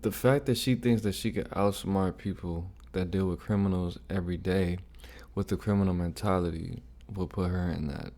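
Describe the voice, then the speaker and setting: Low-voiced guy reacting to a clip, keeps hammering his point, pushy commentary. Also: fairly even intonation, moderate pace, few pauses, dark tone. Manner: emphatic, repeats points insistently. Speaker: reaction video host.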